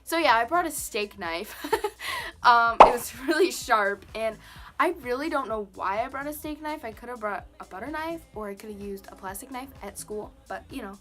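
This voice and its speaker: A woman's voice: on the high side, animated, normal speed, a bit bright, soft background music. A young woman chatting casually to the camera, telling a personal story with many "like" and "um" fillers. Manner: chatty, lots of "like" and "um". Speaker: vlogger.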